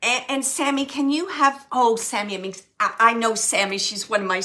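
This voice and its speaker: Woman medium mid-reading, animated and searching, fairly high, bright and forceful. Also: fairly quick, hardly any pauses. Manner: animated, relays spirit messages in quoted speech; searching, self-correcting phrasing. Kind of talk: live psychic reading for an audience member.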